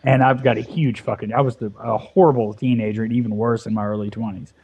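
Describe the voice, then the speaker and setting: A man in his twenties spins a crude, cursing story during a casual gaming session. His voice sits at an ordinary middle pitch, and he talks loosely with lots of filler. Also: steady tone, quick pace, vocal fry, darkish tone, breathy edge, highs cut off. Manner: profane ranting storyteller. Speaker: Minecraft let's play co-host. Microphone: headset or desk mic, volume fading at times.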